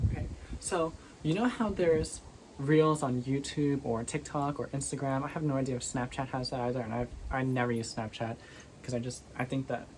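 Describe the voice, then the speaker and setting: A woman with a low voice talks casually to her phone camera from her bedroom. She rambles and keeps restarting her sentences. A steady background noise sits under the recording. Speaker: vlogger. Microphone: phone propped on a windowsill.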